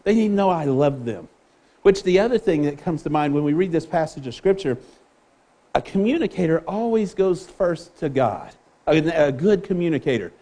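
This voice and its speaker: Earnest preacher, high voice. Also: male voice, lively intonation, normal speed, mellow. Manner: earnest, with repeated words and restarts. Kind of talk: sermon.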